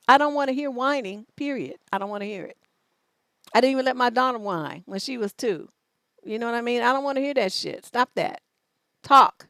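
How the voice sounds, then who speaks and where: A woman's voice: fairly high pitch, fairly bright tone, no room sound. A woman relationship coach on a livestream advice show, reading out letters and answering in a blunt, profane, scolding way.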